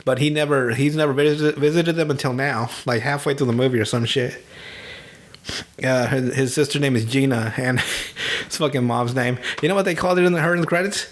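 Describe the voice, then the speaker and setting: A young man hosting a podcast, casually retelling a movie with lots of laughs, swearing and quick impressions of the characters. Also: mid-range voice. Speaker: podcast host.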